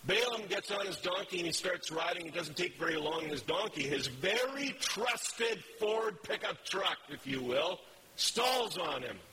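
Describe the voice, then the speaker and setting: A man's voice: high-pitched, lively intonation, measured pace, noisy background. A man giving a casual, rambling sermon, with many fillers and self-corrections as he talks through slides. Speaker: preacher.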